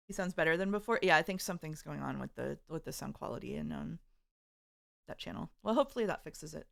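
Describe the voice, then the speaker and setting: A woman streamer chatting casually, recapping slowly with lots of ums and uhs. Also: fairly low pitch, lively intonation, gravelly, no echo, studio quality. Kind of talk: casual chat.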